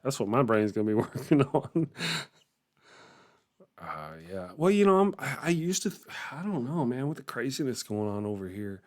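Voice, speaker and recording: A man hosts a morning livestream and talks loosely to his viewers. He rambles, chuckles often, and trails off in the middle of thoughts. His voice sits at an ordinary middle pitch for a man. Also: very animated, moderate pace, darkish tone. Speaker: livestream host. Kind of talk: casual chat reacting to viewer comments.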